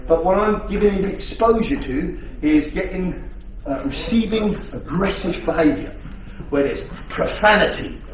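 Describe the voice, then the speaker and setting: A blunt man teaching a class, swearing freely and checking in with rhetorical questions. His voice sits a little high for a man. He is picked up from a distance in an echoey hall, with faint room noise behind him. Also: lively intonation, unhurried, few pauses. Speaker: self-defence instructor.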